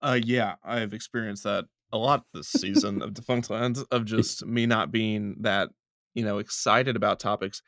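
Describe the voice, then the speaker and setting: A man who makes online videos, chatting casually in a rambling, animated way with frequent laughter. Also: lowish voice, moderate pace, no echo, studio quality. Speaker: video creator and podcast host. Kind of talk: casual conversation.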